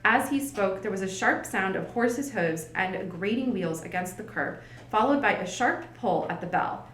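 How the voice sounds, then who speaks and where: A woman reads an old detective story aloud at an easy, unhurried pace, giving the characters light voices of their own. Her voice sits in the middle of the range, neither high nor low. The recording carries a noticeable room echo. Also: expressive, a bit bright. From United States. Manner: plain narration with light character voicing, chatty asides. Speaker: library staff reader. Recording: roomy echo.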